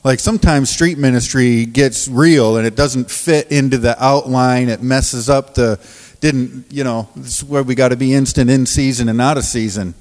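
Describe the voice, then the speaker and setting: A man preaching as a pastor of a recovery ministry, telling stories from the pulpit in a halting, restarting way and often laughing as he talks. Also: mid-range voice, fairly even intonation, darkish tone, big-room sound. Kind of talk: sermon with storytelling. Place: church sanctuary.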